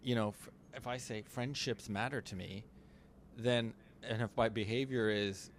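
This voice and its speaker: A man co-hosting a casual podcast, thoughtfully explaining ideas step by step with small pauses and fillers. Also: mid-range voice, fairly even intonation, a little hiss or hum. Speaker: podcast co-host.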